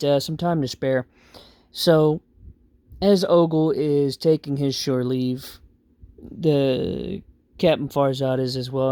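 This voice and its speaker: A man's voice: fairly high pitch, mellow, no echo, clean studio sound. A man narrating a tabletop game as game master, in a casual, rambling way with many fillers.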